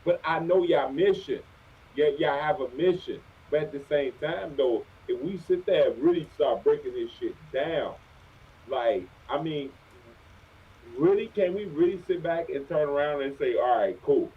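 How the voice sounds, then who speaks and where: A man's voice: on the high side, normal speed, husky. A man joining a heated panel talk, casual and profane, often jumping in. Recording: tinny phone line, distant mic.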